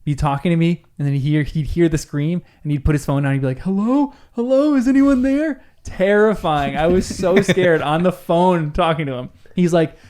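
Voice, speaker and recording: A man's voice: on the high side, fairly quick, few pauses, a little mellow. A young man, a podcast co-host, telling a story in casual group chat and acting out the voices he quotes.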